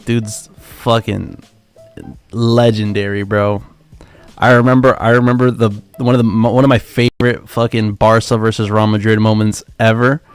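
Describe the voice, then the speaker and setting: A young man hosting a live trading stream, chatting casually with excitable, profane, slangy banter. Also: mid-range voice, clean tone, no echo. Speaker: livestream trading host.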